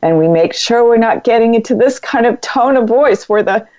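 A middle-aged woman speaking as a guest in an interview, giving advice in a calm, measured coaching way. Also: fairly high pitch, highs cut off. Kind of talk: interview conversation.

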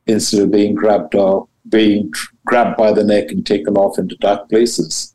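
A man, a spiritual teacher and guest, explaining ideas in an animated, emphatic way with blunt, casual wording and big swoops in pitch. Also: unhurried, poor audio. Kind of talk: animated interview talk about spirituality.

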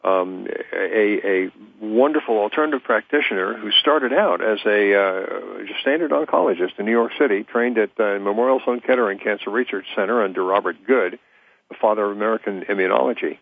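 A man hosting a health talk radio show, speaking haltingly with many fillers and restarts. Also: on the low side, vocal fry. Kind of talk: hesitant talk radio interview. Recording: tinny phone-line sound.

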